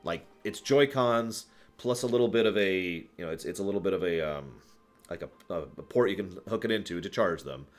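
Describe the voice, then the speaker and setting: A man's voice: sits low, lively intonation, fairly quick, faint music behind. A man answering viewer questions on a casual live stream, rambling, correcting himself and chuckling as he goes.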